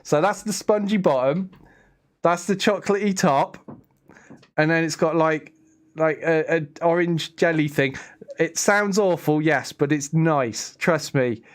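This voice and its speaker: A man's voice: a little high, unhurried. Chatty man streaming. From England. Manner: chatty, rambling, laughs often, answers chat. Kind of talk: casual live-stream chat.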